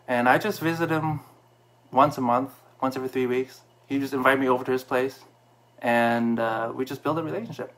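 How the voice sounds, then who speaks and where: A man's voice: mid-range voice, steady tone, a little fast, a bit bright. Man telling a heartfelt personal story. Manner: candid and heartfelt, with frequent fillers and restarts. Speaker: storyteller sharing a personal experience.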